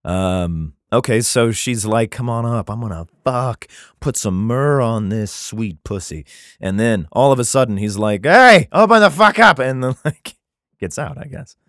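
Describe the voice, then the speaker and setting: Deep-voiced guy reading old scripture and swearing at it, dry close sound, laughs a lot. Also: a little slow, a little mellow, no room sound. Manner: profane, mocking, laughs at the text. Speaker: reader giving comic commentary. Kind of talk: crude comedic reading with asides.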